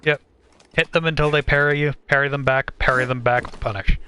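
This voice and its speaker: Brief: relaxed guy on a voice call, mid-pitched, giving casual game tips. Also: a little fast, slight background noise. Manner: short, laid-back replies. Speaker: co-host on voice chat. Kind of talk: casual chat. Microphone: voice chat.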